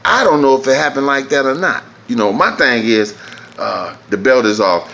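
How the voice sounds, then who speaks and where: A man, telling a profane, animated story that jumps high when he gets exasperated. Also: normal speed, creaky, a little hiss or hum. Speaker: vlogger. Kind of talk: casual storytelling.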